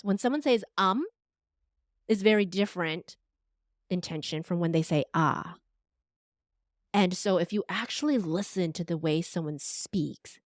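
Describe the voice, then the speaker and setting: A woman guest on a podcast interview, a voice coach talking in an expressive, animated conversational way. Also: on the low side, no room sound, clean studio sound. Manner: expressive, animated, uses air quotes verbally.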